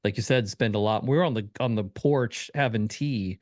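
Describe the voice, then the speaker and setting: A man guesting on a podcast as a sales coach, explaining his lessons with relaxed examples. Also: lowish voice, normal speed, no room sound, studio quality. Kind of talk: casual interview chat.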